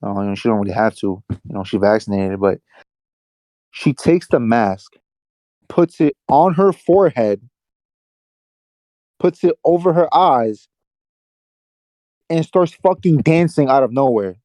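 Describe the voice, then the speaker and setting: A young man with a New York accent telling a rambling, animated work story on a casual podcast, full of slang and swearing. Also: mid-range voice, a little slow, long pauses, no room sound. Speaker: podcast co-host.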